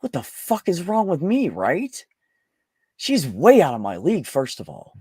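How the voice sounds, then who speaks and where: A man's voice: fairly high pitch, wildly swooping pitch, a little slow, mellow, husky, dry recording, studio quality. A man candidly telling a personal story in casual conversation, blunt and emotional, swearing often. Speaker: podcast host.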